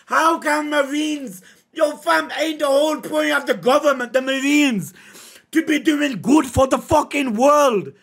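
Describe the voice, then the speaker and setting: A high-pitched man with a raspy, gravelly voice, reacting live to a manga chapter. He talks slowly and emotionally, swinging from outraged shouting to low, slangy muttering.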